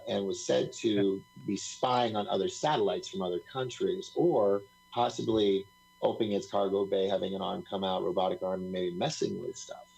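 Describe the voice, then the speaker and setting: Gravelly, husky man telling stories. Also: low-pitched, darkish tone, low-quality recording. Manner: rambling, laughs often, acts out quotes. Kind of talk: casual storytelling on a live talk stream.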